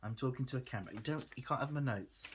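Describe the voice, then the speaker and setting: A man's voice: mid-range voice, very fast, a little hiss or hum. A tired man chatting casually to his camera as a vlogger, laughing often and making fun of himself. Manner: chatty, laughs often, self-deprecating, trails off.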